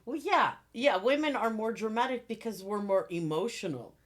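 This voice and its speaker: A woman's voice: medium pitch, expressive, moderate pace. A woman co-hosting a podcast, giving blunt, teasing comebacks in casual chat. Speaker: podcast co-host.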